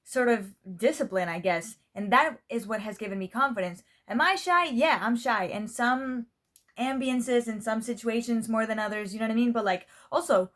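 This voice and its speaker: A woman's voice: on the high side, normal speed, fairly bright tone. Candid young Spanish woman with an American-style accent. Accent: American-style English pronunciation. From Spain. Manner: candid and rambling, constant "you know what I mean", swears freely. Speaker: vlogger. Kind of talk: casual talk to camera.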